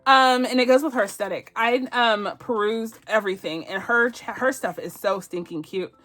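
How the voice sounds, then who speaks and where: This budgeting vlog host talks at a moderate clip in a somewhat bright, higher-pitched voice. She's bubbly, trying out savings challenges in a casual chat, giggling, gushing and calling her viewers "y'all."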